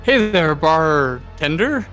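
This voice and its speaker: A man voicing a friendly male bar helper in a put-on Scottish accent, with a wry, deadpan delivery. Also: fairly high pitch, slow, faint music behind, heavily acted.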